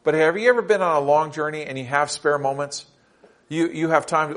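A man preaching in a folksy, conversational way, drifting into rambling stories before pressing his points with rising emphasis. His voice sits a little high for a man. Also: a little fast. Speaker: pastor. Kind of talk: conversational sermon.

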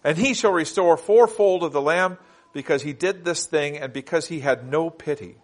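A man preaching a sermon, swinging from loud emphatic scripture reading to quiet intimate asides, with slow stresses on single words. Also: a little high. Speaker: pastor.

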